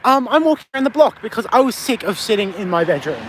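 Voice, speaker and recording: This Australian-accented livestreamer is very animated, talking at a quick pace in a high voice with background noise around him. He's walking outside on a windy street at night, reading and responding to viewer comments via his phone mic.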